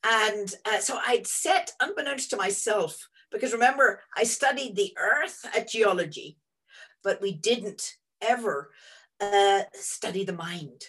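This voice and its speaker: A woman in her sixties, a guest telling students about her career in an animated, rambling way from home over a video call. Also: medium pitch, unhurried, slightly rough, poor audio. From Northern Ireland. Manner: animated and rambling, many restarts. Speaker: interview guest, energy executive. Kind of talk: reflective storytelling to students.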